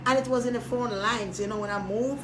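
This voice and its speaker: A woman rambling casually to camera, joking loudly, swearing and trailing off into mutters. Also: on the high side, steady tone, fast talker. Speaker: vlogger. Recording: echoey room, noisy background.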